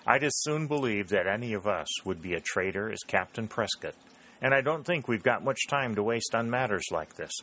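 Man reading impatient mountain general, folksy, emphatic, low voice, dropped g's. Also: animated, brisk, sharp tone.

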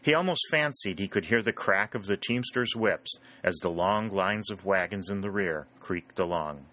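A man reading a historical novel aloud as audiobook narrator, in measured storytelling. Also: low voice, animated, sharp tone. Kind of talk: scripted narration.

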